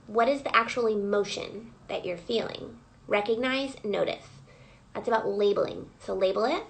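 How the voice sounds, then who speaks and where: A woman's voice: mid-range voice, vocal fry, slight background noise, poor audio. A woman coach leading a live guided reflection session, prompting listeners with repeated questions. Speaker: emotional wellness coach.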